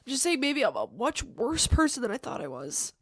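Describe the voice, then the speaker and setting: A woman's voice: sits high, sing-song, fairly quick, slight background noise. A tearful woman in an emotional argument on a live stream, self-critical and often dropping to a whisper.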